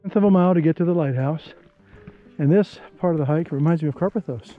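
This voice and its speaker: A man narrating a hike to the camera on an outdoor canyon trail, easygoing and chatty, thinking aloud with pauses. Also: fairly high pitch, narrow, tinny audio, soft background music. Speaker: travel vlogger.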